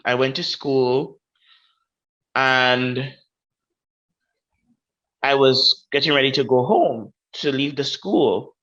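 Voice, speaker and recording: A woman's voice: a bass voice, slow pace, pauses often, a bit bright, dull audio. A woman with a Grenadian accent, a podcast guest telling a personal story and acting out the voices of the people in it. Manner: vivid, acts out quoted voices.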